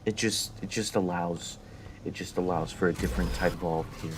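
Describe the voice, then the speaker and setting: A young man live streaming a game, rambling through profane stories and mock-deep musings. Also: fairly even intonation, a little fast, noisy background. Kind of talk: casual chat while gaming. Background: game music.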